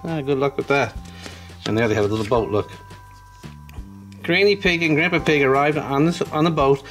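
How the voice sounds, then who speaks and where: A man's voice: mid-range voice, normal speed, a bit bright, soft background music. A man casually unboxing toys and reading a children's storybook aloud, chatting to young viewers as he goes. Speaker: channel host.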